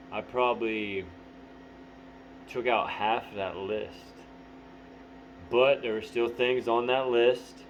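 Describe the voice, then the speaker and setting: A man talking candidly to the camera in a profane, motivational monologue. He is blunt, swears constantly and often clears his throat. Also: medium pitch. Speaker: vlogger. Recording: dull lo-fi audio with faint hum.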